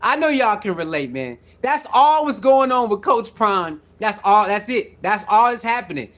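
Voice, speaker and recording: Vlogger with a mid-range pitch riffing to camera in an animated, repetitive style, quizzing viewers and laughing between points. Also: normal speed. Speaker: sports commentary vlogger. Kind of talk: casual commentary to camera.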